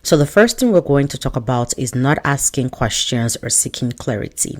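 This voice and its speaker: A woman, a career coach giving advice straight to camera in a chatty, animated way with joking asides. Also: rumbling low, normal speed. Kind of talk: direct-to-camera advice talk.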